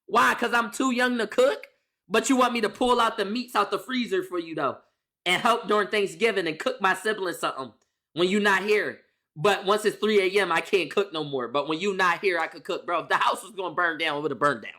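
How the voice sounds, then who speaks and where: A young man telling a casual storytime as a streamer, animated and profane, firing off rhetorical questions and repeating lines for emphasis. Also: high-pitched, brisk.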